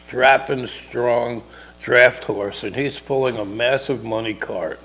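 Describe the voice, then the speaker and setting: A man's voice: medium pitch, slow, a bit bright, low-quality recording. A middle-aged man co-hosting a casual talk show, telling a rambling story and acting out the people in it. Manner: rambling, acts out characters in dialogue. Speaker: podcast co-host telling a story.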